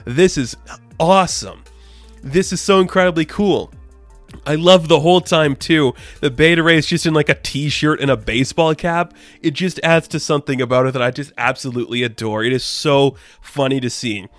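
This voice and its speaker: A man's voice: mid-range voice, fairly even intonation, brisk, few pauses, fairly bright tone, no echo, faint music behind. A man who reviews comic books, talking casually with lots of enthusiasm and rambling asides. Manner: enthusiastic, rambling, frequent "like" fillers.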